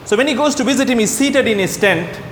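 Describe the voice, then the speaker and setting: A man preaching a sermon to his congregation, telling stories with lively delivery and acting out the people in them. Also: fast talker. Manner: animated storytelling, voices the characters in anecdotes. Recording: echoey hall with faint rumble.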